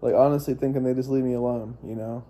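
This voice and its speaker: A young man with a very dark, mellow voice rambles through a personal story. He swears freely and keeps restarting his sentences as he talks. His pitch sits in a middling range for a man. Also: steady tone, quick pace. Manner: profane, meandering, frequent restarts and fillers. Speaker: vlogger.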